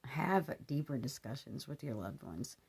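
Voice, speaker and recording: A woman in her thirties speaks straight to the camera in a loose, rambling monologue. Her voice is gravelly with a husky edge, and she keeps filling pauses with ums as she earnestly works through her thoughts. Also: very deep voice, expressive, darkish tone. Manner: earnest, rambling with many fillers. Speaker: vlogger.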